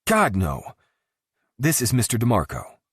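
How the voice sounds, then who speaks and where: A man's voice: mid-range voice, wildly swooping pitch, a little slow, fairly bright tone, husky, dry recording, studio quality, pitched above the performer's own voice, exaggerated voice. A man voicing a tipsy, defiant young woman in an audiobook, protesting with a slurred edge. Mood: flustered protest.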